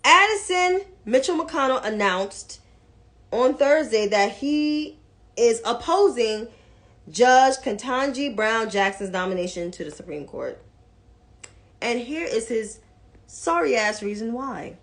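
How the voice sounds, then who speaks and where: Blunt, slow-talking woman commentator. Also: a little high, lively intonation, a bit bright. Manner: blunt and profane, mocking. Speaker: political commentator. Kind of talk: casual political commentary.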